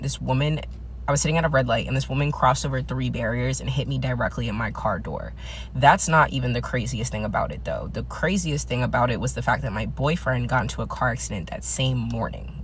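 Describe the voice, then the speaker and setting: Fast-talking man in a vlog. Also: mid-range voice, fairly bright tone, slight background noise. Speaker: video creator. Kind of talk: casual vlog monologue.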